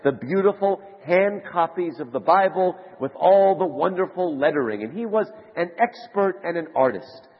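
A man giving a conference lecture to a live audience, telling stories in an animated way. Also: normal speed, hardly any pauses, slightly rough. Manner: animated storyteller, rising to high excited shouts. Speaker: conference speaker. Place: large conference hall. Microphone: handheld mic. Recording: lo-fi hall recording with long reverb.

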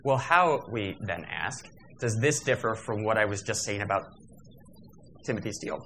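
A man's voice: on the low side, lively intonation, moderate pace, bright, forceful tone, faint music behind. A man giving a workshop lecture in a discursive, digressive manner, with fillers and self-corrections.

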